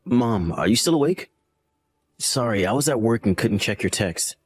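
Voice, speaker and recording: A man voicing a lying, defensive grown son in a family drama, with a husky voice that dodges and shrugs off blame. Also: lowish voice, expressive, moderate pace, no echo. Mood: sheepish. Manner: defensive, dismissive.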